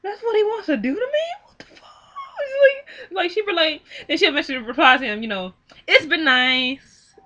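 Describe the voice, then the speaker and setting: A young woman giving a casual film recap, animated and exclaiming, acting out the characters' lines in quick quoted bits. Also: extremely high pitch. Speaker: film reviewer. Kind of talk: casual movie recap and commentary.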